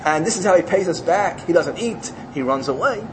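A man voicing a stingy, indignant middle-aged farmer who complains loudly. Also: high voice, lively intonation, a little fast, noisy background. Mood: self-justifying. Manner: loud, outraged complaining.

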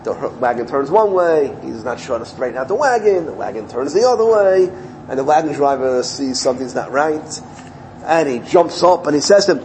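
Animated rabbi telling a story. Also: male voice, normal speed, slight background noise, rough recording. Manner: animated storytelling, acting out quotes with rising pitch. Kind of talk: storytelling Torah talk.

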